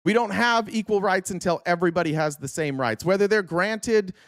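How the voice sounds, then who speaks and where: Argumentative man with a fairly high voice. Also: a bit bright, no room sound, clean studio sound. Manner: argumentative, rapid-fire. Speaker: streamer. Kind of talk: live-stream political rant.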